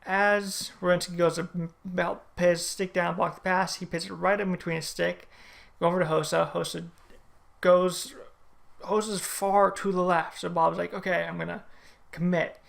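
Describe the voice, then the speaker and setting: Gravelly-voiced fan recapping a hockey game. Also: medium pitch, little pitch movement, moderate pace, fairly bright tone. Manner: play-by-play retelling, opinionated and chatty. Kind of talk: casual game recap vlog.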